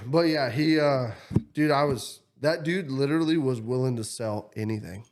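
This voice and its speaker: Male podcast host, lively storyteller who swears a lot and voices his characters. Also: mid-range voice, normal speed. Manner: animated, swears freely, acts out quotes. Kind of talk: casual storytelling chat.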